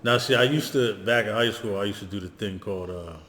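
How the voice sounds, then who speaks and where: Low-voiced man in his thirties. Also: quick pace, a little hiss or hum. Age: 30s. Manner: relaxed, laughing, loose profanity. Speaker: podcast co-host. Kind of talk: casual chat. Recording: echoey room with long reverb.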